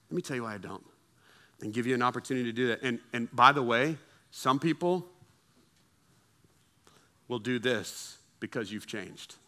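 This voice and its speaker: A man's voice: medium pitch, bright, forceful tone. A male pastor preaching a sermon in a conversational way, acting out the voices of friends and coworkers to make his point. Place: church service with congregation.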